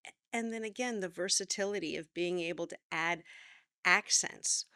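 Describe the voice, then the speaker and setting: A middle-aged woman acting teacher explaining voice work in a relaxed, conversational way. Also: fairly low pitch, normal speed, no echo, clean studio sound. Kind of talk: talking to camera, teaching.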